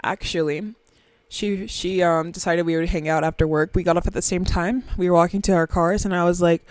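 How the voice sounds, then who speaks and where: A young woman hosting a casual solo podcast, talking in an animated, silly, excitable way with sudden squeals. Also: lowish voice, a little fast, dry recording. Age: young adult. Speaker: podcast host.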